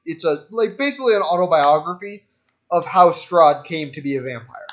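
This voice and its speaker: A man's voice: fairly high pitch, lively intonation, normal speed, fairly bright tone. A man casually explaining things to players as game master. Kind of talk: running a tabletop game. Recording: dull lo-fi mic.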